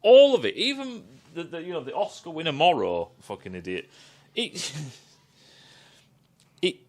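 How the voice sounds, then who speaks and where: A man's voice: a little high, huge pitch swings, unhurried, fairly bright tone. A man giving a casual, rambling and scornful review, swearing often and restarting his sentences. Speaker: TV critic.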